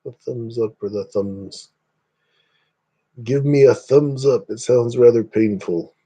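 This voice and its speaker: Warm in tone and medium in pitch, this Indiana man talks slowly as he hosts a laid-back livestream. Originally from the northeast part of the state, he chats aimlessly and calls out viewers by name.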